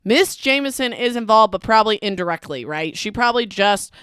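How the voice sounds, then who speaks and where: A woman's voice: mid-range voice, lively intonation, fairly quick, fairly bright tone, smooth, no room sound, studio quality. A woman hosting a casual book recap podcast, talking in a chatty, emphatic way and filling her speech with "like". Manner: chatty and emphatic, heavy use of "like". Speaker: podcast host.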